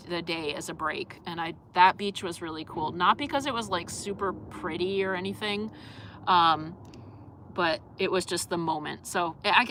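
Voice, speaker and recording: A woman's voice: lowish voice, sharp tone, slight background noise. A young adult woman hosting a casual live stream, chatting in a rambling way with lots of fillers and reading out viewer comments.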